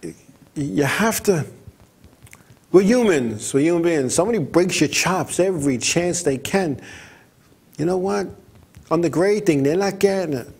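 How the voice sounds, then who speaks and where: A man hosting a racing talk show, telling stories in a rambling, animated way, often stumbling over and repeating his words. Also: fairly high pitch, a little slow, vocal fry, pauses often, slightly rough. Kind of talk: casual talk-radio storytelling.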